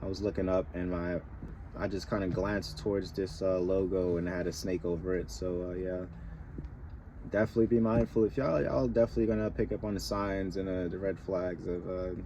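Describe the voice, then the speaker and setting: A man's voice: deep voice, steady tone, fairly quick, a little hiss or hum. A man talking casually about spiritual signs in a slangy, rambling, emphatic way. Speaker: spiritual reader.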